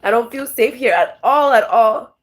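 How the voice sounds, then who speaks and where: A woman's voice: fairly high pitch, expressive, moderate pace. A woman tarot vlogger talking to camera in a raw, rambling, emotional monologue, swearing often and restarting her sentences.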